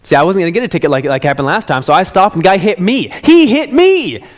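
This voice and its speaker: A man voicing a defensive teenage boy who insists nothing was his fault, with rushed, protesting excuses. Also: fairly high pitch, close to an everyday voice.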